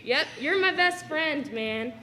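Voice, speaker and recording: A woman's voice: high-pitched, lively intonation, takes it slowly, bright, forceful tone. A young woman giving an emotional thank-you speech in a school cafeteria, fighting back tears and laughing nervously between sentences. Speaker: student athlete giving a farewell speech.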